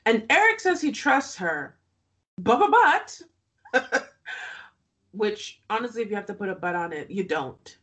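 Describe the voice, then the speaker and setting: A woman's voice: medium pitch, big pitch swings, moderate pace, a bit bright. A woman co-hosting a podcast, recapping a reality show in casual chat, often laughing and making sarcastic asides.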